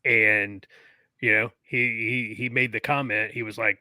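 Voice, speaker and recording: A man's voice: medium pitch, a little slow, sharp tone, no room sound. A man co-hosting a podcast in casual chat, talking loosely with lots of fillers and tangents. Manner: chatty, goes off on tangents with many fillers. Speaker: podcast co-host.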